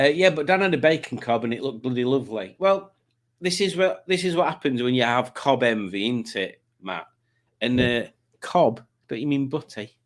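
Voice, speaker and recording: A man hosting a casual livestream, chatting and teasing as he reads out viewers' comments. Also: medium pitch. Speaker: livestream host reading chat.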